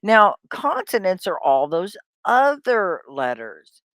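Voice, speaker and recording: A woman's voice: fairly low pitch, very animated, slow pace, a bit bright, no room sound, studio quality. A middle-aged woman teaching a live online English class, upbeat and encouraging as she speaks to viewers in the chat by name. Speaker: ESL teacher.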